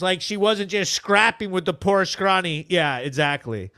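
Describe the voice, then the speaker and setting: A man's voice: high-pitched, unhurried, hardly any pauses, sharp tone, dry recording, studio quality. A man hosting a casual live-stream show, reacting animatedly with frequent laughter and reading out viewer comments. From Vermont, US. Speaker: host of a local news recap live show.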